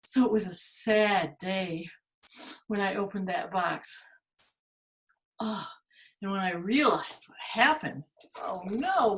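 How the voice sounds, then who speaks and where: A woman's voice: mid-range voice, a bit bright. A woman playing Pandora, a curious, vain young woman from Greek myth, in a playful, theatrical storytelling manner. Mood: sad.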